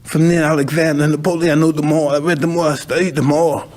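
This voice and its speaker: A man's voice: a little high, level tone, fast, darkish tone. A man hosting a conversation, talking intensely and emotionally, repeating himself and swearing, at times crying. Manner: intense, emotional, repetitive, profane. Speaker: podcast host.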